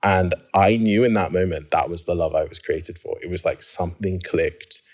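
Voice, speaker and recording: Reflecting on his own life as a guest in an interview, this man laughs often, and his pitch shoots up whenever excitement takes hold.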